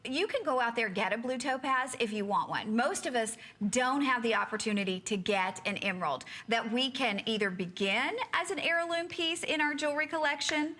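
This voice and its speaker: Bright-voiced shopping channel host woman. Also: fairly high pitch, expressive, normal speed, few pauses. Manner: upbeat, chatty, reads out stock counts. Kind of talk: live TV sales patter.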